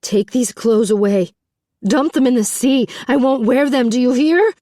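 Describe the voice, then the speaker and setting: A woman's voice: measured pace, mellow, no room sound, natural voice. Woman doing a shrieky desperate young princess, voice shooting way up, dry audiobook sound. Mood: frantic, shrieking. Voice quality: shrill, breaking into shrieks. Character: distraught young princess, frantic and defiant.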